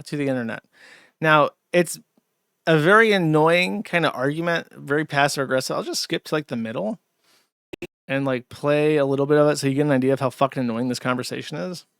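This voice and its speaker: A man's voice: fairly high pitch, fairly bright tone, no echo, clean studio sound. A man hosting a stream, giving crude, sardonic commentary on clips he plays. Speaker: streamer host. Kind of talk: casual commentary.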